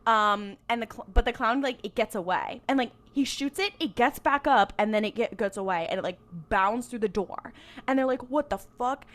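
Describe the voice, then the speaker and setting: A woman with a slightly high voice recaps a TV episode on a podcast, casually and rambling. She fills her talk with "like" and "um" and laughs often between lines. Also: moderate pace, a bit bright. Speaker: podcast co-host.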